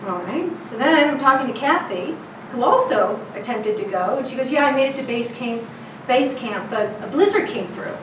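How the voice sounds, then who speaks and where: On stage at a storytelling event, a woman from Chicago's South Side tells a personal story, lively and conversational, often laughing at herself. Her slightly high voice runs at a moderate pace with hardly any pauses, picked up by a distant mic in a roomy live venue with background noise.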